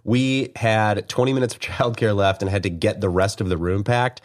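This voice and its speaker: A man talking casually on a podcast in a low voice. He talks in halting bursts and jokes at his own expense. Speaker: podcast guest, comedy screenwriter. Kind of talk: casual chat.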